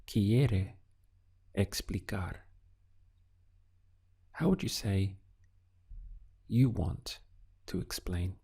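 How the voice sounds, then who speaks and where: Slow, gravelly-voiced male language teacher. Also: low-pitched, dark tone. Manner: slow, deliberate prompts with pauses for answers. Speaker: Spanish teacher. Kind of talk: recorded language lesson.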